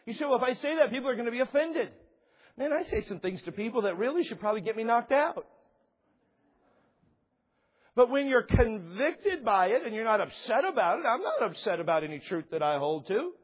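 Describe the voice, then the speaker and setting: A man's voice: high-pitched, sing-song, normal speed, husky. A man preaching a sermon as a pastor, impassioned and emphatic, repeating phrases for effect, on a slightly dull recording.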